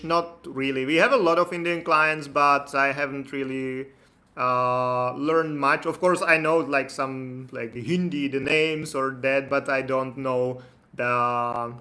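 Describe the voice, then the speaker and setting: A man from the Republic, hosting a casual live-stream Q&A. He is chatty and relaxed, laughs easily, and reads viewer comments aloud. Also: medium pitch. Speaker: immigration consultant hosting a live Q&A.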